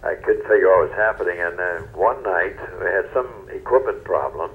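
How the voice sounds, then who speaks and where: An older man from North Carolina, a retired newscaster telling stories in an interview in a folksy, unhurried way. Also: deep voice. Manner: folksy, unhurried, trails off softly. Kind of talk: relaxed storytelling interview. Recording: dull lo-fi radio recording.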